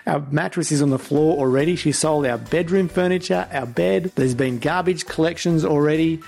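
A man's voice: fairly high pitch, moderate pace, gravelly, a little mellow. A man hosting a podcast interview, upbeat and effusive as he thanks his guest. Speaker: podcast host.

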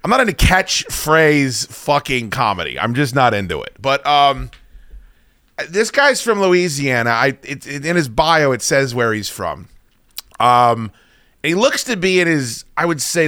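Male podcast host, bright and forceful, opinionated and profane, casual chat. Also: on the high side, big pitch swings, a little slow, dry recording, clean studio sound. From United States.

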